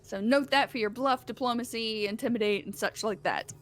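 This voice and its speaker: A woman narrating as game master of a tabletop role-playing game, lively and laughing often. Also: a little high, fairly quick.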